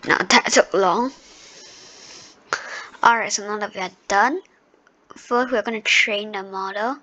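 A woman's voice: medium pitch, unhurried, pushed and bright. A woman giving a casual screen-recorded tutorial into her computer microphone, chatty and unpolished, with many fillers and restarts. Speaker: tutorial host.

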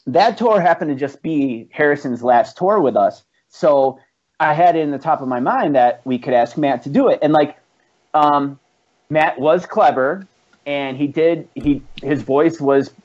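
A guest on a lo-fi, muffled podcast, this man founded a band and plays music in it. His voice is medium-pitched and a touch mellow as he laughs and rambles through stories laced with swearing in an easygoing conversation.

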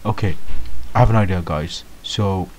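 A man's voice: sits low, moderate pace, a little mellow. A man giving comedic gameplay commentary as a clueless beginner, whiny, easily startled and rambling with lots of ums. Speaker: gamer playing a clueless beginner.

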